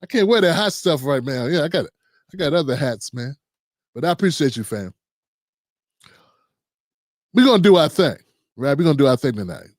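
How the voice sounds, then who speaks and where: A middle-aged man with a high, light voice hosts a loose, playful talk show full of slang and banter. The sound is dry and close, with no room around it. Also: big pitch swings, normal speed, pauses often, no room sound. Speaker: political talk show host. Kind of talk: casual livestream commentary.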